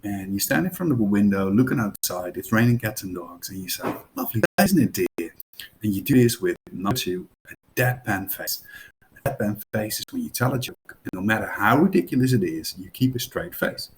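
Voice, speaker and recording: A man with a Dutch accent explains a topic to a class in a loose, chatty way, full of fillers and asides. His voice sits fairly low. A faint hiss runs under the recording. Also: expressive, fairly quick, poor audio. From Netherlands. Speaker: teacher.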